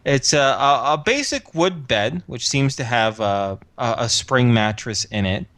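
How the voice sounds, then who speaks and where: A man's voice: mid-range voice, animated, unhurried, a bit bright, dry recording. Casual, chuckling male game master. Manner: casual, chuckling often, many fillers. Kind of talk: narrating a tabletop game.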